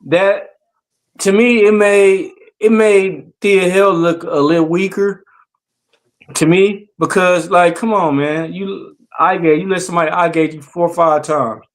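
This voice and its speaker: A man with a high voice for his sex, co-hosting a wrestling review chat. He talks emphatically and in slang. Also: steady tone, unhurried. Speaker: podcast co-host.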